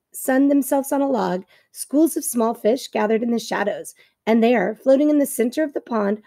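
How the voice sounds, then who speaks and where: A woman teacher reading a novel aloud to her class in clear storytelling narration. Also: fairly high pitch, dark tone, no room sound.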